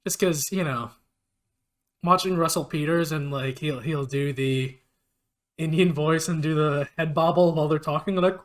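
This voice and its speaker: A man's voice: on the high side, moderate pace, a bit bright. A man hosting a casual gaming podcast, telling rambling stories and laughing often. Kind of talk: casual chat.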